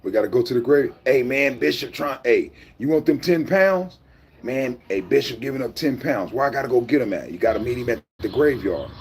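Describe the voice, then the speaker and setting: Gravelly, lively vlogger man. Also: medium pitch, a little fast. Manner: loud teasing, repeats phrases, sing-song. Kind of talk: rowdy joking banter.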